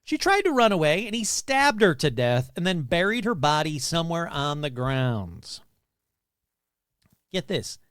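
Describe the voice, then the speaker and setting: A man's voice: a little high, fairly bright tone, no room sound, studio quality. A man hosting a podcast, telling ghost stories casually with crude jokes and asides. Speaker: podcast host. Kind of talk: casual comedic storytelling.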